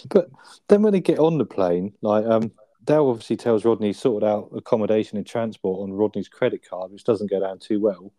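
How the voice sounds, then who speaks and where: A man's voice: fairly low pitch, a little fast, dark tone, dry recording. Laughing man recapping a sitcom. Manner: laughs often, acts out lines while retelling scenes, swears casually. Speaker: podcast co-host. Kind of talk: casual chat recapping a sitcom episode.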